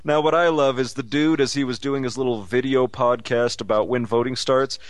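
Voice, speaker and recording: A man's voice: mid-range voice, fairly even intonation, normal speed, no room sound. A man co-hosting a podcast in casual comedic chat, teasing his friend with a dry wit. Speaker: podcast co-host.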